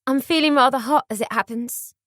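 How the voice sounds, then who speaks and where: A woman voicing a nervous young woman posing as an heiress, speaking in a high, wobbly, shaky voice. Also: brisk, a bit bright, no echo, clean studio sound. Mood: flustered.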